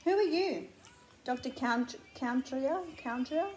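A woman's voice: sits high, expressive, darkish tone, soft background music. A woman hosting her own channel, teasing her partner in a playful mock interview at home. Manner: teasing, playful, quick to laugh. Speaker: channel host and mother.

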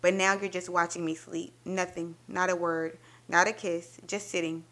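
Woman, lowish voice, dramatic story reading, intimate first-person telling, expressive. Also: moderate pace. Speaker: book reviewer reading a story aloud.

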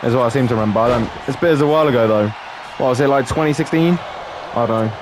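A man's voice: mid-range voice, fast, noisy background. A man giving casual, joking let's-play commentary, laughing often and calling people mate. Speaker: gameplay commentator.

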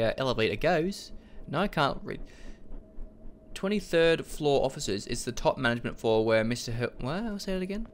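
A man's voice: medium pitch, a little hiss or hum. A young man casually commenting on a game he plays, swearing a lot and joking about himself. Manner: profane, self-deprecating, jokey. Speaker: let's play gamer.

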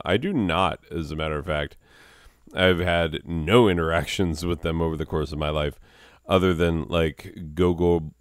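Deep-voiced, deadpan joking man. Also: clear, resonant tone, no room sound, studio quality. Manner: deadpan, self-mocking and digressive. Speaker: channel host. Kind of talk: rambling comedic monologue.

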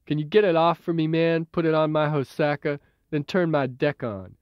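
Quick, slangy tug pilot, a man reading, dry, dull tape sound. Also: a little high, clear, resonant tone, dry recording, close to an everyday voice. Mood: easygoing.

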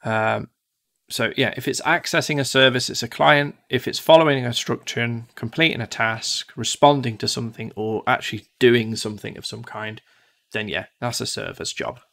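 A man's voice: mid-range voice, fairly even intonation, normal speed, creaky, fairly bright tone. A man from the UK teaching one-to-one in a casual, chatty way, often acting out devices in silly voices. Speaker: tutor.

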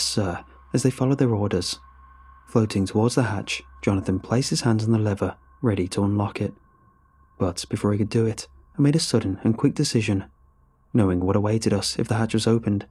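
A man narrating a horror story in a steady, grave storytelling voice. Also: on the low side, a little fast, slightly rough.

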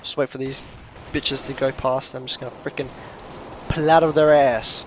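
A man commentating his own shooter gameplay, swinging between frustrated shouts, rants and quiet muttering. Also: medium pitch, level tone, moderate pace, a little hiss or hum. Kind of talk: gaming commentary. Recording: game gunfire behind the voice. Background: gunfire from the game.

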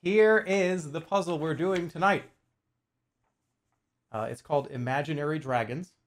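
A man's voice: fairly high pitch, unhurried. A man in his forties streaming casually, joking and swearing as he chats to viewers while putting a puzzle together. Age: 40s. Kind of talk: casual livestream chat.

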